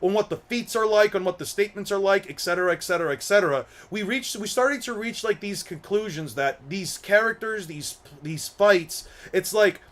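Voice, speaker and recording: Young man, high voice, casual rant, rambling, stumbles over repeated words, swears. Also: moderate pace, few pauses, a bit bright. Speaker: anime commentary channel host.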